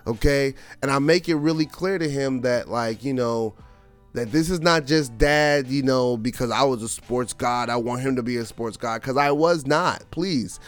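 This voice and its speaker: With soft music in the background, a podcast host recounts a family tale in a casual, animated style loaded with fillers. His voice is mid-range, clear and resonant, and he talks at normal speed.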